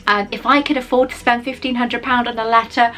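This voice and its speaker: A woman's voice: fairly high pitch, fairly even intonation, fairly quick, fairly bright tone, faint music behind, rough recording. A young woman vlogging casually, chatty and effusive, with frequent fillers and laughs. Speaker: YouTuber. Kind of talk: casual vlog chat.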